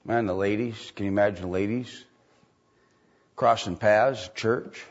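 A man's voice: fairly low pitch, unhurried, pauses often. A man preaching as a pastor, repeating lines and asking the congregation rhetorical questions, on a dull lo-fi recording. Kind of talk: sermon.

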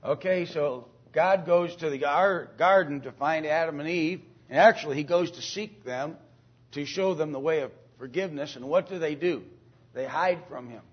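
A man teaching an informal Bible lesson to a class, speaking haltingly with many fillers, restarts and throat-clearing, and often asking the class questions. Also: a little high. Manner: asks the class questions and calls on students. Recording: dull lo-fi recording.

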